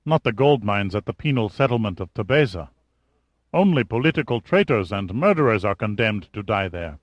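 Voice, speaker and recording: A man's voice: lowish voice, lively intonation, normal speed, dry recording, lo-fi sound. A man voicing a nervous, servile hospital doctor in an audiobook, speaking carefully and in a subdued way. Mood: uneasy deferential. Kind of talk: audiobook character reading.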